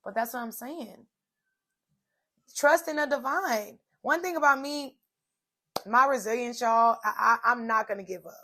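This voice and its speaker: A woman's voice: on the high side, normal speed, sharp tone. A woman in her twenties hosting a solo podcast, telling a personal story in a chatty, casual way with many fillers. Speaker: podcast host.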